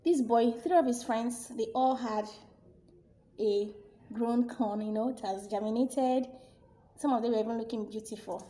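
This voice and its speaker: Expressive woman storyteller, fairly high, mellow voice. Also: measured pace. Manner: animated, expressive. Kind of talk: storytelling narration.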